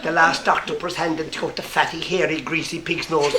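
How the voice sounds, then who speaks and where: A man with an Irish accent telling a comic story live to an audience, lively and playful. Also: on the high side, fairly quick. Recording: echoey room with faint noise.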